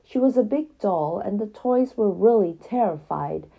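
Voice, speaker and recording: A woman reading a children's story aloud in a gentle, even storyteller manner. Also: medium pitch, a little slow, vocal fry, slightly rough, lo-fi sound.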